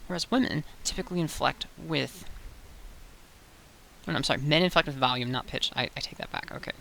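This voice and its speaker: Young woman, casual voice coach, bright and gravelly, chatty with self-corrections, slight hiss. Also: sits low, fairly quick. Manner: chatty, loose, many fillers and self-corrections. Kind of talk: casual tutorial talk to camera. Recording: faint hiss.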